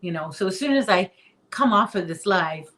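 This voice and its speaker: A woman's voice: mid-range voice, lively intonation, moderate pace, fairly bright tone. A woman hosting a casual livestream chat from her home, chatty and reading viewer comments aloud. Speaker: livestream host.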